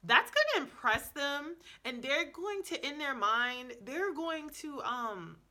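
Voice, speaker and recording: A woman vlogger talks through language tips in a loose, casual way. Her voice is bright and forward, and she keeps it conversational with plenty of "like"s, quick restarts and playful asides. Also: high voice, animated. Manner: chatty, many "like"s and self-corrections. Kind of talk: casual advice vlog.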